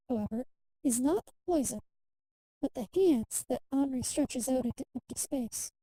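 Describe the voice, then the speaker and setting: A woman streamer reading a game's story aloud in a measured, emotional way, over faint music. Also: high voice, expressive, warm tone, no room sound, rough recording.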